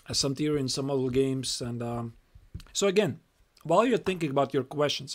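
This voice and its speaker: A man's voice: medium pitch, brisk. A young Latvian man with a Latvian accent giving a chatty live-stream chess lesson, reading moves aloud and repeating himself.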